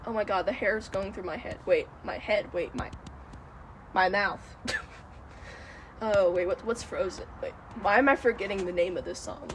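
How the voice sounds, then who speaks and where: A woman's voice: mid-range voice, moderate pace. A woman hosting a casual livestream, chatting to viewers in a giggly, rambling way. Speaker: livestream host. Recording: noisy livestream audio with outdoor noise. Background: wind and passing cars.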